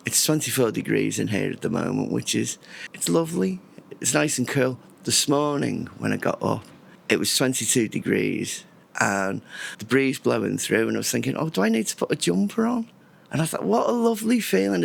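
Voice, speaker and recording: Gravelly-voiced man, home vlogger, thinks aloud and trips over his own sentences. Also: mid-range voice. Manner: rambling, self-interrupting, reflective. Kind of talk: casual talk to camera. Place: indoors at home.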